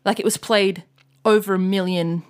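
A woman, co-hosting a casual podcast, tells a story loosely, swears freely and now and then shouts in imitation of angry fans. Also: mid-range voice, fairly even intonation, moderate pace, clean tone. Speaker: podcast co-host. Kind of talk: casual chat.

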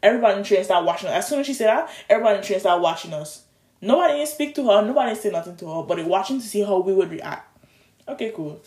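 A young adult vlogger, speaking at a middle pitch. The delivery is an animated, colloquial storytime ramble that restarts and stumbles over words. It is recorded on a phone in a roomy space with a noticeable echo. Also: rapid-fire. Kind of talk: casual storytime monologue.

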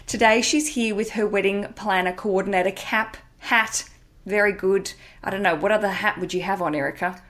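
A woman hosting a podcast, chatting casually, joking at her own expense and swearing lightly. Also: medium pitch. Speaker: podcast host. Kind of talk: casual chat.

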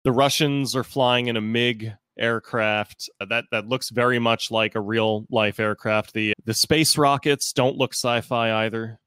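A man co-hosting a casual podcast, thinking aloud in an animated way with quoted asides. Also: medium pitch, a little slow, few pauses, clear, resonant tone, dry recording. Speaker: podcast co-host.

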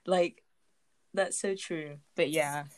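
A young woman in casual chat, relaxed and full of fillers. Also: sits low, slow, dry recording. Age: young adult.

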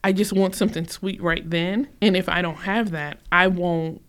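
A woman's voice: lowish voice, fairly even intonation, moderate pace, a bit bright. A woman who owns a bakery, telling stories as a guest in a casual chat, laughing often. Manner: chatty storyteller, laughs often. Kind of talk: casual conversation.

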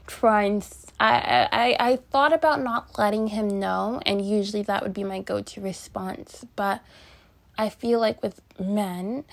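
A woman's voice: mid-range voice, unhurried, vocal fry. A young woman hosting a podcast, chatting in a casual, rambling way with lots of fillers and restarts as she tells a personal story. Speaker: podcast host.

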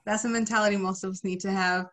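A woman's voice: medium pitch, fairly even intonation, quick pace, fairly bright tone. A young woman hosting a podcast, upbeat and chatty, with lots of fillers. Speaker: podcast host.

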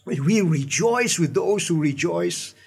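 A man's voice: on the high side, expressive, slow pace, vocal fry, a little mellow, husky. A man, a pastor, preaching an earnest sermon with emphatic asides and repeated words. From Indian heritage.

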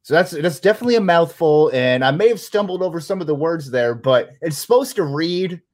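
A man's voice: a little high, lively intonation, fairly quick. A man co-hosting a podcast in casual chat, joking and punning with a loose, rambling delivery. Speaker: podcast co-host.

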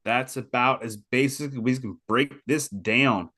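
A man's voice: medium pitch, a little slow, pushed and bright. A man co-hosting a podcast, chatting casually in short, plain sayings. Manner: easygoing, speaks in short plain maxims. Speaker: podcast co-host. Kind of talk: casual chat.

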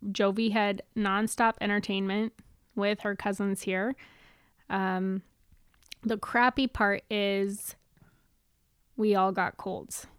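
A woman in her thirties co-hosting a podcast, chatting in a relaxed, teasing way. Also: medium pitch, takes it slowly, pauses often, clean tone, no room sound, studio quality. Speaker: podcast co-host. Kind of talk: casual chat.

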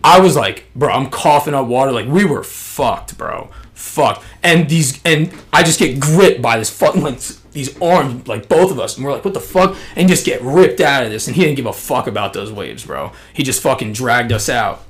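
A young man telling a story in casual chat, slangy and profane, full of fillers and animated. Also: mid-range voice, normal speed, hardly any pauses.

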